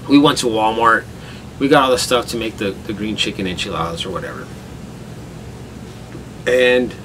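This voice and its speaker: Rambling dad vlogging from home, mid-pitched, easygoing storyteller. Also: male voice, fairly bright tone, recorded from a distance, slight background noise, low-quality recording. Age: adult father with a son. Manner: rambling, laughs hard at his own story. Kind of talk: casual storytelling vlog. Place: indoors at home, rain outside.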